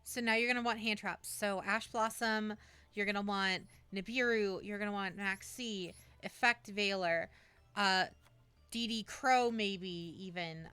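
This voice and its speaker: A woman streamer chatting casually on a livestream as she coaches a friend through building a deck. Her voice is bright and crisp, and the sound is dry and close. She talks loosely, with frequent fillers and restarts. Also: mid-range voice, no echo.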